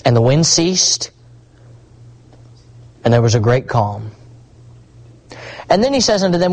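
A man preaching a sermon, swinging between hushed asides and rising, emphatic repetition. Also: mid-range voice, very animated, unhurried, long pauses, poor audio.

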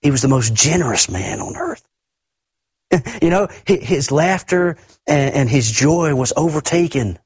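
A man preaching a sermon emphatically, often repeating words and swinging his pitch up and down. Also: sing-song, a little slow, slightly rough, no room sound.

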